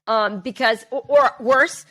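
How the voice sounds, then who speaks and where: A woman's voice: fairly high pitch, a little slow, bright, forceful tone. A middle-aged woman co-hosting a podcast, talking in long run-on sentences with many fillers. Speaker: podcast co-host. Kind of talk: casual political chat.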